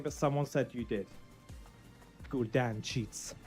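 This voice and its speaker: A man streaming a game for charity in casual, joking chat, swinging from loud outbursts to quiet muttering. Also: mid-range voice, normal speed, faint music behind.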